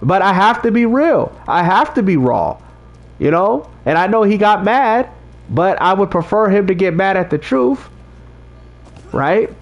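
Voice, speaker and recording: High-voiced man preaching to his chat. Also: big pitch swings, a little slow. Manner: talks straight to chat, repeats himself, preachy street-evangelist talk. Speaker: livestream host reading chat. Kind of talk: casual livestream chat about faith.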